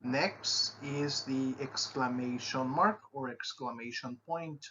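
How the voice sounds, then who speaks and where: A man teaching English in a recorded lesson, explaining punctuation in a steady, explanatory way. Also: medium pitch, slow. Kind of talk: recorded grammar lesson narration. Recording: slightly muffled with faint background noise.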